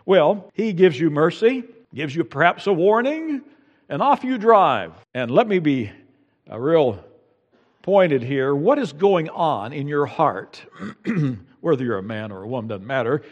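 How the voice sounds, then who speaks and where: A man's voice: medium pitch, expressive, unhurried. A man pastor preaching a sermon in a church, telling stories with conversational asides. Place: church sanctuary with long reverb. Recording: reverberant church hall.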